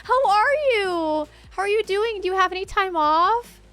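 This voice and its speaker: A very high, bright woman's voice, unhurried yet giddy and excitable as she chats with her live stream viewers. She laughs and exclaims often while thanking them, with faint music playing behind her. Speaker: streamer hosting a tabletop game session.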